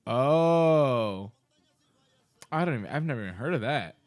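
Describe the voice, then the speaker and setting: On a casual drinking podcast, a young male co-host chats loosely, swearing and laughing with a tipsy ease. His medium-pitched voice is expressive, a little mellow, and unhurried.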